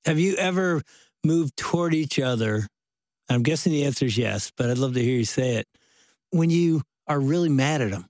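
A man's voice: mid-range voice, expressive, moderate pace, a little mellow, no echo, studio quality. A man hosting a Christian talk show, who reads passages aloud with emphasis and asks his guests questions.

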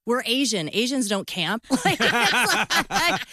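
Woman, 50s, guest in a casual talk, lively storyteller, dry close sound. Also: fairly high pitch, slow pace, no echo. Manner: animated, acts out voices in her stories.

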